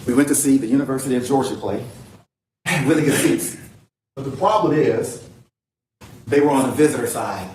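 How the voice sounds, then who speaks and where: A man from New Orleans giving a loud, emotional closing argument as a defense attorney, building rhetorical lists. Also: mid-range voice, brisk, pauses often, slight background noise. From New Orleans, USA. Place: large courtroom. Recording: echoey distant courtroom feed.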